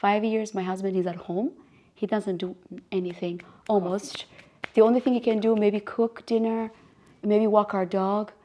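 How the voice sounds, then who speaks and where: A woman's voice: mid-range voice, fairly even intonation, normal speed, dark tone. A middle-aged woman, a podcast guest speaking earnestly about her life. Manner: earnest, heartfelt storytelling. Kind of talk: casual chat.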